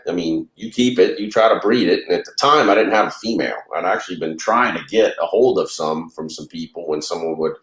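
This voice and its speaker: Low-voiced guy rambling through a story, acting out the back and forth, echoey room. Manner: rambling, acts out dialogue in anecdotes. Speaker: reptile breeder guest. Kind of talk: casual storytelling. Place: lives in Louisiana. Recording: roomy echo.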